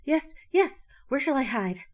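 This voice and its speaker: A woman voicing a fussy, easily flustered female duck in a storybook reading. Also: moderate pace. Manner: high and excited.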